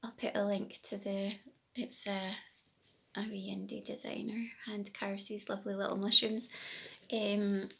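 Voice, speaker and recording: A woman's voice: medium pitch, level tone, unhurried, creaky. A Scottish woman chatting casually to her phone camera as a knitting podcast host, rambling and correcting herself as she goes. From Scotland.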